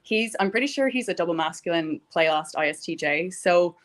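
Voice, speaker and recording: A young woman talking warmly about gratitude in a casual conversation, rambling with many fillers. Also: fairly low pitch, lively intonation, brisk. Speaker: guest.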